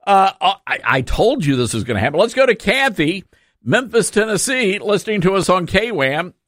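A man's voice: high voice, sing-song, moderate pace, fairly bright tone, dry recording, clean studio sound. A man hosting a talk radio show, sarcastic and opinionated, laughing through his asides.

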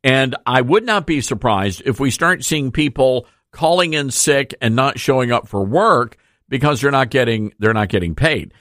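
A man's voice: medium pitch, normal speed, fairly bright tone, no echo, clean studio sound. A man hosting a political commentary show, speaking in a folksy, opinionated, conversational way. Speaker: host.

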